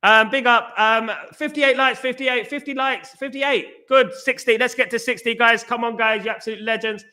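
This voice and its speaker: A man's voice: very high-pitched, fairly even intonation, normal speed, hardly any pauses, bright, forceful tone, smooth. A middle-aged man hosting a casual live stream, reading viewer comments and answering them bluntly, often repeating himself. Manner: blunt, outspoken, repeats his phrases.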